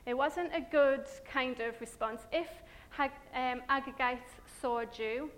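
A woman giving a chatty, animated Bible story talk with slides, full of fillers and asides to her listeners. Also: sits high, measured pace.

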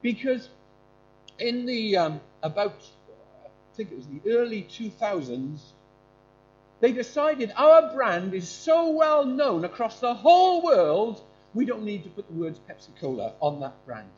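Man, preacher, high voice, very expressive pitch, quizzing audience, dull lo-fi recording with faint hum. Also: measured pace. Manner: animated, quizzing listeners. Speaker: preacher giving a talk to a congregation. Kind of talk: informal sermon with questions to the audience.

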